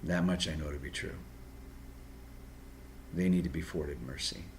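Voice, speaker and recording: Deep-voiced man giving earnest advice. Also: a little hiss or hum. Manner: earnest and direct, with pauses and restarts. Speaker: video host giving personality-type advice. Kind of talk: unscripted advice monologue.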